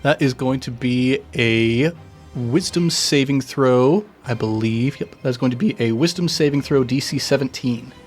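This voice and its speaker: A man playing a tabletop game, calmly and in detail describing what his character does. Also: medium pitch, a little slow, faint music behind. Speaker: player. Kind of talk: casual tabletop game play.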